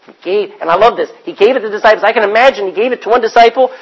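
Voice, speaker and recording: A man preaching a sermon as pastor, swinging from hushed asides to loud acted-out quotes. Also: sits high, racing, muffled recording.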